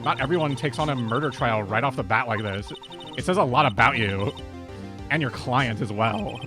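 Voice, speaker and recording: A man's voice: medium pitch, expressive, moderate pace, natural voice. Valley girl woman attorney voiced by a man, poised, game music behind. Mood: warm.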